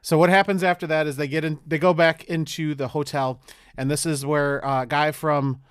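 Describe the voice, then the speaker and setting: A man's voice: on the high side, little pitch movement, moderate pace, smooth, no room sound, studio quality. A man co-hosting a podcast, recapping a movie in a rambling, profane way, with silly quoted voices. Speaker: podcast co-host. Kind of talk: casual chat.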